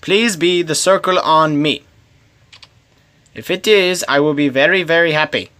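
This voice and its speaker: A man's voice: on the high side, unhurried, bright, forceful tone. A man giving solo gameplay commentary, talking to himself in a pleading, playful way. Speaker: gamer.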